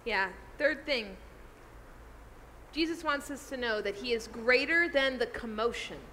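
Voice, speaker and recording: This is a woman pastor delivering a sermon in a chatty, animated way. Her voice sits a little high and sounds bright and clear. The room carries a long hall reverb with a faint hum underneath. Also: a little slow. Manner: animated, conversational preaching.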